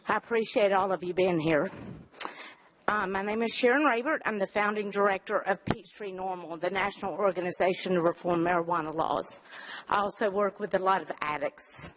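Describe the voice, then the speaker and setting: A woman's voice: mid-range voice, low-quality recording. A woman, a mother, giving an earnest and emotional prepared public comment to a city council. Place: council chamber.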